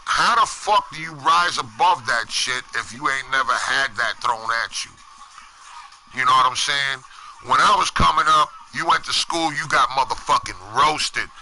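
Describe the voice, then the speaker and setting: A man hosting an online show, ranting loudly in street slang, often shouting and swearing heavily. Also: on the high side, rough recording. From United States. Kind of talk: profane ranting commentary. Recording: noticeable background ambience noise.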